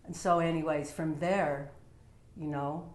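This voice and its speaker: At a measured pace and with fairly even intonation, a low-voiced woman from Utah vlogs from home about her personal life. Her telling is relaxed, heartfelt, wandering and full of fillers, with roomy echo in the recording.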